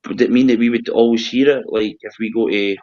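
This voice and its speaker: A man's voice: mid-range voice, fairly even intonation, brisk, darkish tone. A Scottish man hosting a casual chat, talking hesitantly and often repeating his words. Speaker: host. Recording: dull lo-fi sound.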